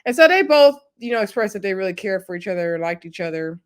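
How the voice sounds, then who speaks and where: A woman's voice: mid-range voice, sing-song, fast. Woman, casual recap, chatty storyteller, slips into quoted voices, mid-range voice. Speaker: reality TV recap vlogger.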